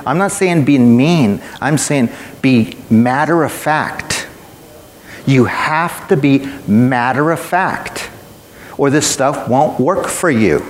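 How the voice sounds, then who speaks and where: A man's voice: medium pitch, expressive, slow, a little hiss or hum. Emphatic preacher man in an echoey church. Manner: emphatic, matter-of-fact, storytelling. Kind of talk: sermon.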